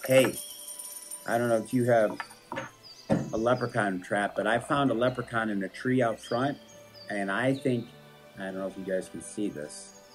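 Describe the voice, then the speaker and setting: A man's voice: lowish voice, normal speed, pauses often, faint music behind. A man hosting a school morning show, reading out announcements in a playful, jokey manner.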